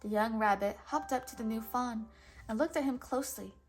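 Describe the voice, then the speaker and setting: A woman hosting a channel and reading a children's storybook aloud, slow, clear and expressive. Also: on the high side. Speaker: storybook reader, channel host.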